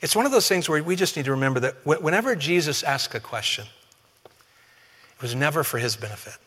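A man's voice: fairly high pitch, animated, a little fast, a bit bright, breathy edge, in a large hall. A male pastor preaches a conversational sermon with humor and speaks directly to his congregation.

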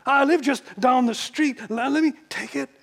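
A shy, lonely woman who speaks softly and stumbles over her words, as a man puts her on in a story. The voice has a creaky, gravelly texture. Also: extremely high pitch, moderate pace, voice pushed up. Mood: hopeful. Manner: hesitant, stammering, quiet.

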